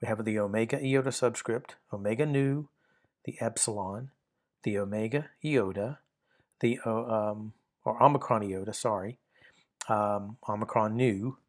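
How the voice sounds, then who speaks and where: A man's voice: fairly low pitch, measured pace. A man teaching a grammar lesson in a methodical, step-by-step way, often repeating and restarting phrases as he works through examples.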